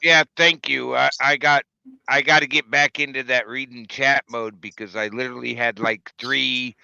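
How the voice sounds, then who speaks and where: A man's voice: mid-range voice, normal speed, vocal fry, clean tone, no echo, muffled recording. A man streaming, telling a story in casual chat and acting out the voices of the people in it. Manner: animated storyteller, acts out quoted voices.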